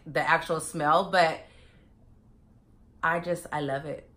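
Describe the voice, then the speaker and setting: A young woman talks in a chatty, rambling way to her viewers, tossing in plenty of fillers and calling them you guys. Her voice sits on the lower side for a woman. It has the loose, unscripted feel of a get-to-know-me vlog. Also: a bit bright. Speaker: vlogger. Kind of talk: casual get-to-know-me chat.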